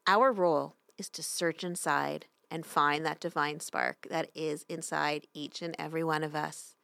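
Casting: woman rabbi, middle-aged, low-ish voice, sermon delivery, dry close sound. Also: a little slow, gravelly, no room sound. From Canada. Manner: storytelling, expressive voices for quoted angels. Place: synagogue sanctuary.

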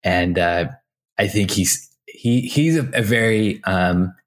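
A man in his forties with a very deep, low voice speaks slowly as an interview guest; he's a design executive. His relaxed, chatty anecdotes are full of fillers and restarts, and he laughs often.

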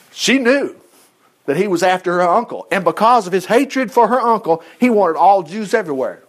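Man, Bible teacher, animated lesson, chuckling asides, high voice, lively swoops. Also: moderate pace.

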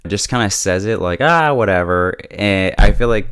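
A man casually recapping and reviewing a TV episode in a relaxed, chatty way, laughing often and filling his talk with "like". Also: on the low side, normal speed, clean tone, no echo, clean studio sound. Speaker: TV show reviewer.

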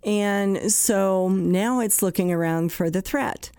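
Woman host, mellow low voice, plain conversational explainer, dry booth sound. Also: slow pace, smooth, dry recording. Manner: explains plainly with everyday examples, acting out anxious self-talk. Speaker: podcast host and psychologist. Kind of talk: conversational talk.

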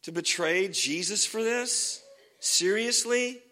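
A man's voice: mid-range voice, moderate pace, bright, forceful tone, long reverb tail. A man preaching a sermon as pastor, casual and joking, with many fillers.

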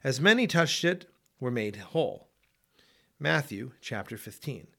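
A man reading scripture aloud in a measured, expressive way. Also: medium pitch, gravelly. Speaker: Bible reader.

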